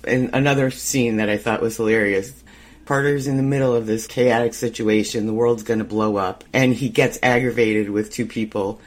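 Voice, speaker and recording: A man's voice: mid-range voice, fairly even intonation, normal speed. A man hosting a podcast, chatting casually through an episode recap and laughing easily. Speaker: podcast host.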